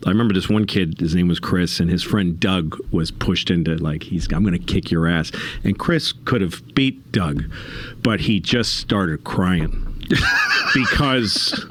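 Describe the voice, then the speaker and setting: A middle-aged man, a comedian guest on a podcast, telling a story in casual conversation, animated and self-mocking, laughing between lines. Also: low voice, a little slow, slight background noise. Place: podcast studio.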